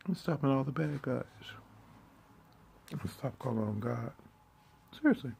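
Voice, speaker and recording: A man delivering a profane, confrontational monologue in streetwise slang. He swings between hushed muttering and sudden loud outbursts. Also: medium pitch, a little slow, creaky, husky. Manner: streetwise slang, heavy swearing.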